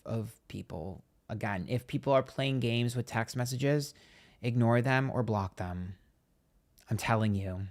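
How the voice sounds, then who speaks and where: A man hosting a live stream, telling a gossipy story in casual chat, acting out what others said and thanking viewers for donations. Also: lowish voice. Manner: chatty and gossipy, acts out quotes, reads donations aloud. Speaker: psychic tarot livestream host.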